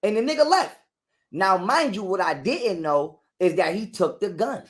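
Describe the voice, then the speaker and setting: A man's voice: high voice, moderate pace. A man, an interview guest, telling a profane story in casual conversation and acting out other people's lines as he goes. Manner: animated retelling that acts out other people's lines.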